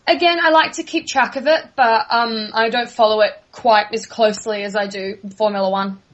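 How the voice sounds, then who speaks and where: A young woman with an Australian accent chats through an interview and laughs easily. Her voice sits fairly high. The recording is dull and lo-fi. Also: steady tone, moderate pace, a bit bright. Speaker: guest. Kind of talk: casual interview answers.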